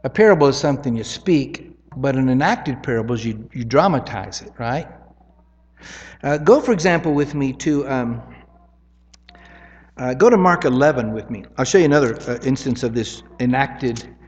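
A man's voice: mid-range voice, animated, moderate pace, darkish tone, big-room sound, lo-fi sound. A man preaching a sermon in an easy, conversational teaching way, often checking in with "right?".

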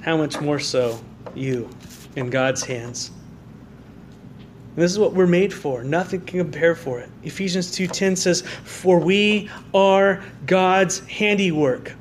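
A man's voice: high-pitched, slight background noise. A man preaching a sermon as pastor, with an American accent, earnest and full of rhetorical questions and restarts. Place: church sanctuary.

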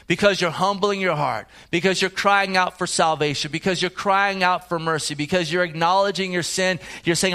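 A man preaches a sermon, reading scripture aloud and building to emphatic points. His voice sits slightly high for a man. He turns to the congregation with direct questions. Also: fairly quick, few pauses, pushed and bright, smooth. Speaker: pastor.

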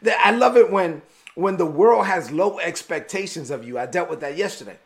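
A man from Brooklyn preaching a devotional sermon in an emphatic, animated way, repeating his key points. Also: sits high, normal speed. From Brooklyn, New York.

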